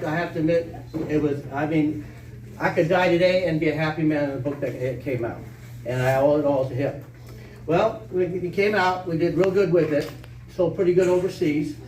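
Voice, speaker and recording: A man with a somewhat high, mellow voice tells chatty stories to a live audience, chuckling now and then and acting out old phone calls. He sounds distant from the mic in a reverberant conference room with faint background noise. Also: moderate pace. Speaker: conference speaker. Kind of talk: storytelling talk to a live audience.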